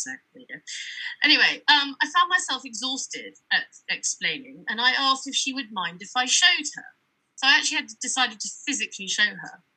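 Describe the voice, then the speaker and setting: A woman's voice: sits high, bright, forceful tone, slightly rough, low-quality recording. A woman giving a chatty, digressive conference talk as an author, reading from her book between asides.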